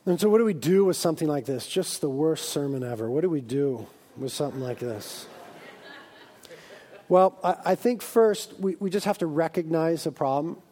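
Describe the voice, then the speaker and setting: A man preaching a sermon as a pastor, lively and humorous, acting out exaggerated voices of his listeners. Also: a little high, normal speed. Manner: animated, acts out comic voices of his congregation.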